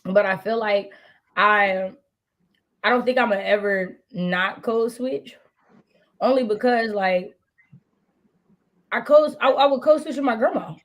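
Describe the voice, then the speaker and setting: A woman in easy conversation on a reading stream, laid-back and a little teasing. She thinks out loud, circling through loose phrases before making her point. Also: mid-range voice, a little slow, pauses often, rough recording. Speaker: co-host of a reading livestream. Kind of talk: casual chat.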